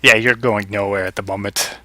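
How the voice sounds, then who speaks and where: A man game-mastering a tabletop session, narrating with a light, teasing edge. His voice is bright and crisp, and the sound is dry with no room in it. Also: fairly low pitch, steady tone, brisk, no echo. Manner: playful, teasing players about rolls.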